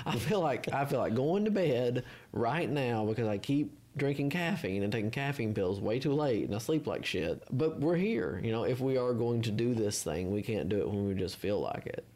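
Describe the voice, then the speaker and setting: A man's voice: medium pitch, expressive, moderate pace, few pauses, a little mellow. A man co-hosting a podcast, chatting casually and profanely, rambling and laughing often. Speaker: podcast co-host.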